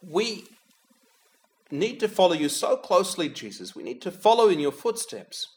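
A man with a high voice and wide pitch swings preaches at normal speed, his homily reflective and prayerful. Speaking directly to Jesus, he goes hushed each time he utters the name, and gentle humor surfaces here and there.

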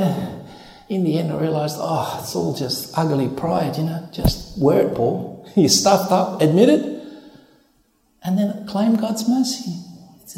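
A man with a high but dark-toned voice preaches a sermon emphatically yet conversationally. He laughs and slips into acted asides, and the recording has an echoey hall sound.

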